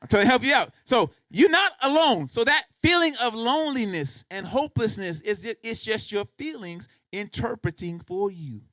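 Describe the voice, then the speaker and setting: High, lively-voiced preacher man. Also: moderate pace, few pauses, no echo. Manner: emphatic, repeats "guess what" to drive points home; conversational preaching, addresses congregation directly. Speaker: pastor. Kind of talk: sermon. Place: church.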